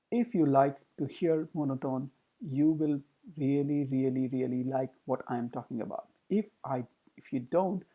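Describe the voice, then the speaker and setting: A communication trainer giving a recorded training talk, explaining with rhetorical questions. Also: slightly rough. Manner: demonstrates pitch, pace and loudness with the voice.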